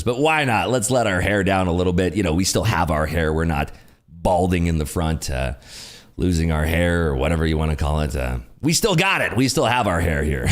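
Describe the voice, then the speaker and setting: A man hosting a casual livestream from his garage, joking, laughing often and repeating catchphrases. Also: lowish voice. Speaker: livestream host. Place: home garage.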